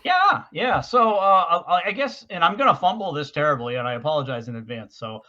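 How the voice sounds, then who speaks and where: A man with a fairly high, bright voice chats casually as a podcast co-host. He rambles and hesitates, restarting his sentences. The recording sounds dull and lo-fi. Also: big pitch swings, fairly quick. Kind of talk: casual chat.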